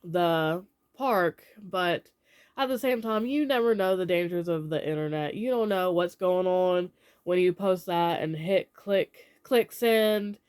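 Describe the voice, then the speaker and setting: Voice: medium pitch, measured pace, a little mellow, clean tone. A young adult vlogger sharing opinions in a casual, rambling way, with lots of fillers.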